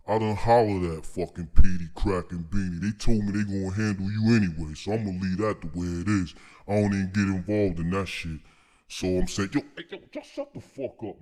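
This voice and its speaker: A man from Staten Island, New York, with a lowish, somewhat dark voice, delivers a boastful, profane comic rant to the camera. He's confrontational and calls people out.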